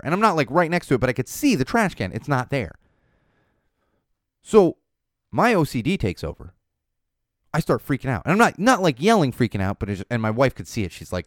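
A man in his thirties hosts a casual solo podcast, telling stories with lots of swing in his voice and dropping into muttered asides. His voice is smooth and resonant. The sound is dry and close. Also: medium pitch, quick pace, no echo. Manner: animated storytelling, ranting, drops to muttering asides. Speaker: podcast host.

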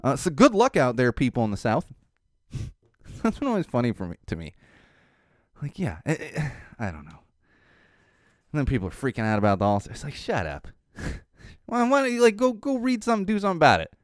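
Male podcast host, sarcastic casual rant, animated pitch, dry close mic. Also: fairly quick, long pauses, no room sound. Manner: sarcastic, ranting, frequent restarts and laughs. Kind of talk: casual opinion monologue.

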